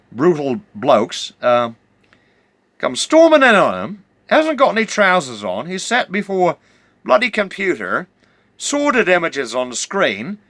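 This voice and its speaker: Gravelly New man spinning a yarn. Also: mid-range voice, fairly bright tone, no echo. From New Zealand. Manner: rambling, stammering, full of hesitations. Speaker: storyteller. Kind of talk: rambling comic yarn.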